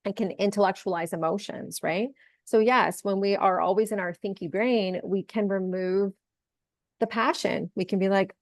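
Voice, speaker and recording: Low gravelly woman astrologer, dry sound. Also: steady tone, moderate pace, no echo. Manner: reflective, explanatory, tags points with "right?". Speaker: astrologer guest. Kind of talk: casual conversational interview.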